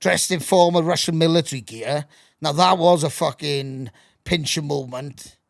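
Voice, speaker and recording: Middle-aged male podcast guest: raspy, higher-set voice, profane and animated, recorded dry and close. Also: normal speed, no echo. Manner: swears constantly, animated anecdotes. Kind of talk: casual storytelling.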